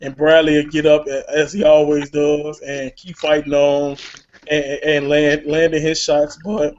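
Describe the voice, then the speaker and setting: A man's voice: fairly high pitch, monotone, measured pace. A man hosting a casual boxing talk show, rambling with many stammered restarts. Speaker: podcast host. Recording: lo-fi online call with faint hiss.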